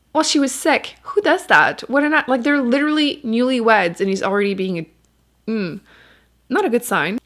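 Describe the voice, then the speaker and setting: Young female book vlogger, a bit high-pitched, chatty and giggly. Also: fairly bright tone. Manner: chatty and giggly, heavy on fillers. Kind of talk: casual reading vlog chat.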